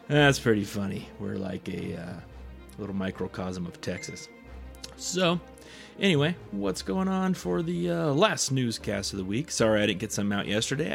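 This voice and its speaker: A man's voice: fairly low pitch, gravelly. A man with an Eastern California twang hosting a casual local news update, chatty and joking. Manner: chatty, joking asides, informal.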